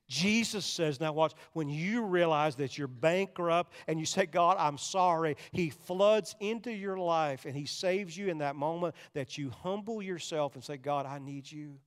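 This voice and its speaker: An older man preaching a sermon, swinging between loud, urgent passages and hushed, quiet ones. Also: on the high side, moderate pace, clean tone, long reverb tail. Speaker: pastor.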